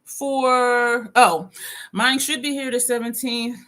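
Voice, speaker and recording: A woman's voice: on the high side, steady tone, slow pace, pushed and bright. Chatty woman unboxing on a live stream. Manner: chatty, talks to viewers by name, reads chat aloud. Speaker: beauty vlogger hosting a live stream. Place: home desk.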